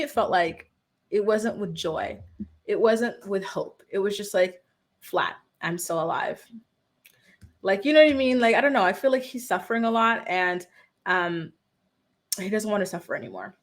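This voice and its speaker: Young adult female vlogger, casual recap host, opinionated and chatty. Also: medium pitch. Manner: chatty, opinionated, many "like" fillers.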